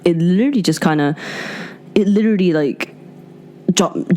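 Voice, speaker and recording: A woman's voice: on the low side, moderate pace, dark tone. A young woman hosting a podcast, telling a story in a rambling, casual way, swearing and laughing often. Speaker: podcast host. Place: indoors at her desk.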